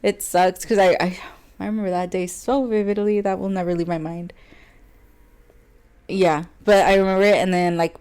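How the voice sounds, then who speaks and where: Young woman, a bit low-pitched, candid podcast storyteller who fills her speech with "like" and laughs often. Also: steady tone, moderate pace, clean tone. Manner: chatty, heavy "like" fillers, laughs often between words; earnest and open, turning quiet on painful parts. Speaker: podcast co-host.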